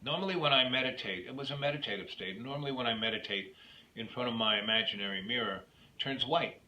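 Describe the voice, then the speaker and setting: Rambling storyteller man, bright, echoey room. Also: medium pitch, fast. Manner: digressive, drifts from story into opinions. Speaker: YouTube host. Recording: echoey room with faint noise.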